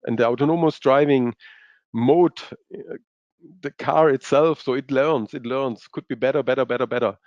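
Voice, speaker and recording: A man speaking as a guest expert in a webinar presentation, halting with many fillers and non-native English phrasing. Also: medium pitch, a little mellow, dry recording. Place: based in Europe. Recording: dull, lo-fi webinar audio.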